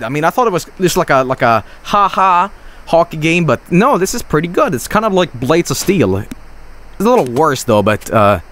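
A man streaming a hockey video game, commenting live, swinging from low grumbling to loud yelling and cursing at the game. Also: slight background noise.

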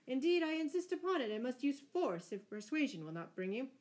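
Woman doing a cheery bold outlaw boss, hearty and loud, kinda high. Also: big pitch swings, a little fast. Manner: hearty and jovial.

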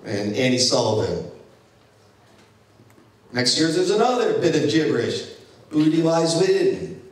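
A man in his fifties tells a family story to a live audience, his pitch swinging up and down as he drops wry asides. His voice sits a little high for a man. It rings through a very echoey hall, picked up from some distance away. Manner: animated, wry storyteller with dry jokes. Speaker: keynote speaker. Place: event hall.

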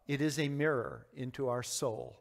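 A man's voice: mid-range voice, moderate pace, vocal fry. A man teaching a verse-by-verse Bible study as a pastor, earnest and questioning his audience, sometimes acting out quoted lines. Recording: long hall reverb.

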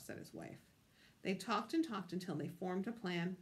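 A woman's voice: on the low side, lively intonation, normal speed. A woman reading a picture book aloud with expression, stopping to ask her listeners questions. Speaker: storytime reader.

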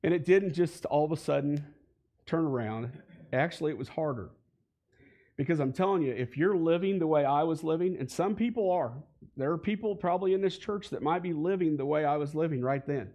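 A man in his forties, invited to give his testimony, tells a church congregation in the sanctuary about his faith, conversational at first and growing heated. His voice is on the high side and dark in tone, and he talks a little fast.

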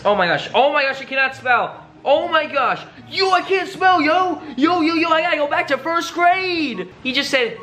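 Hyper, bright-voiced male vlogger. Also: extremely high pitch, unhurried, few pauses. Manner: hyper, dramatic, loud exclamations. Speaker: YouTube host. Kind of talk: excited reaction vlog.

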